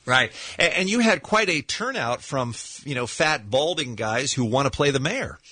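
A man hosting a radio talk show, brisk, with quick interjections. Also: mid-range voice, animated, sharp tone, husky, no echo. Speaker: radio host.

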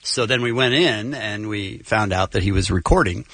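A man's voice: lowish voice, normal speed, a bit bright, no echo. A man co-hosting a radio call-in show, who chats upbeat and tells stories. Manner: upbeat, chatty storyteller.

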